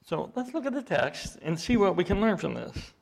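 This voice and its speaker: A man preaching a sermon, reading scripture aloud with dramatic emphasis and explaining it slowly and deliberately, his intensity rising as he goes. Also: high voice, very animated, vocal fry. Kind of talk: expository sermon.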